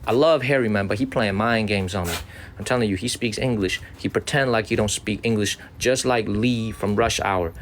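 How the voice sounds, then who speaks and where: Excitable streamer man, street livestream. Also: fairly low pitch, moderate pace, a little hiss or hum. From Chicago, USA. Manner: excitable, repetitive, tacks "man" onto sentences. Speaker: livestream host. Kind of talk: casual walking livestream. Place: outdoors on city streets.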